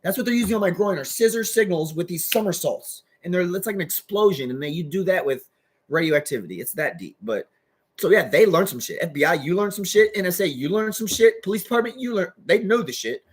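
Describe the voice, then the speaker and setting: A man's voice: high-pitched, expressive, fairly quick, husky. A man giving an agitated, rambling monologue as a vlogger, swearing heavily. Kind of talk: profane ranting monologue.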